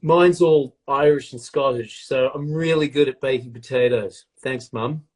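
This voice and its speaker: A man's voice: mid-range voice, unhurried, darkish tone. A middle-aged man chatting casually and joking on a live stream as he bakes along. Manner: playful, rambling, jokes and teases. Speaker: co-host baking along.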